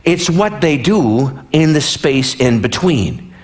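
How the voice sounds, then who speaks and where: A man's voice: on the high side, expressive, takes it slowly. A man preaching a sermon as a pastor in a conversational way, full of rhetorical questions and joking asides.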